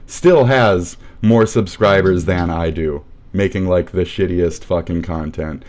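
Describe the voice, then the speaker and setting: Low-pitched, unhurried, and a little mellow, a young man with a Midwestern US accent rants on his livestream. He's abrasive and sarcastic, swearing constantly while mocking his commenters.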